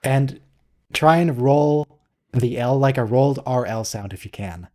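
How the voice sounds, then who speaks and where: A man's voice: medium pitch, measured pace, dark tone. A man hosting a casual live watch-along, teasing a viewer and coaching pronunciation in a playful way. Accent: American. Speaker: host.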